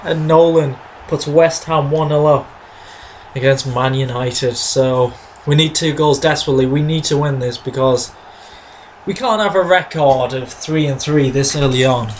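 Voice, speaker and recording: A man hosting a gaming video, giving chatty play-by-play of his own match and breaking into excited shouts when goals go in. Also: on the high side, unhurried, slight background noise. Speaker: gaming channel host. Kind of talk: video game commentary.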